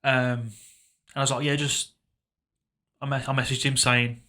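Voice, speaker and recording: Bright-voiced man, halting. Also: mid-range voice, steady tone, a little hiss or hum. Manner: halting, reflective, trailing off into quiet asides. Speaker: podcast co-host. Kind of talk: casual emotional conversation.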